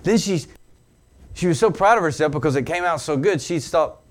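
A man preaching as a pastor. He tells an anecdote with animated energy, then turns low and earnest for the teaching. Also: normal speed. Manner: animated storyteller who laughs along with his own anecdote. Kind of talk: sermon storytelling.

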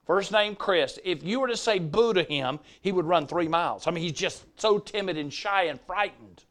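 An older Southern man preaching from the pulpit, his voice pitched high for a man. He tells stories with animated storytelling and acts out the people he quotes. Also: moderate pace. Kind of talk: sermon storytelling.

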